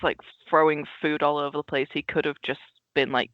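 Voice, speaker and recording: On a slightly dull lo-fi mic with a dry sound, a woman with a low voice and lively intonation co-hosts a relaxed film podcast at normal speed. She chats animatedly, performing characters' lines along the way.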